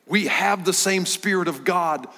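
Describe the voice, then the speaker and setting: Middle-aged guy preaching, storytelling, gets real quiet sometimes, highish voice, big church echo. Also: measured pace. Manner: animated storytelling, drops to hushed tones. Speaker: guest preacher. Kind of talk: storytelling sermon. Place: church sanctuary. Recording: church hall with long reverb.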